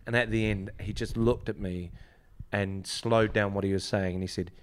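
A man's voice: fairly low pitch, fairly even intonation, normal speed. A man in his forties with a New Zealand accent, chatting casually and telling anecdotes with plenty of hesitations. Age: 40s. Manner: anecdotal, hesitant with many fillers. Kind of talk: casual chat.

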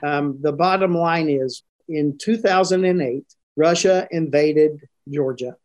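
An older man, a retired military commander, giving a broadcast interview in an earnest, emphatic way, slowing down to stress his points. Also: a little high, darkish tone.

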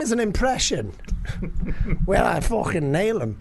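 A man's voice: high voice, sing-song, slow pace, creaky, pauses often, a little hiss or hum. A man co-hosting a comedy podcast, telling stories in a casual chat, laughing often and swearing freely. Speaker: podcast co-host.

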